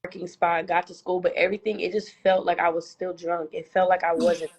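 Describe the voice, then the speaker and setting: A young adult woman, a student and podcast co-host, telling a relaxed, rambling story in casual slang. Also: on the low side, fairly quick, lo-fi sound, crowd noise. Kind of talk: casual chat.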